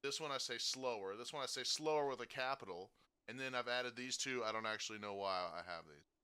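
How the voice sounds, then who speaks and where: A streaming tutorial host walks through a piece of software step by step in a relaxed way, often checking in with "okay?" and "right?". His voice is medium-pitched, quick, and clean in tone.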